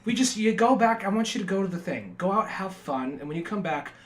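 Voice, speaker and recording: Bright, high-voiced man co-hosting a podcast. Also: animated, a little fast. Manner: rambling, profane, laughs at his own retellings. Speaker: podcast co-host. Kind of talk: casual chat.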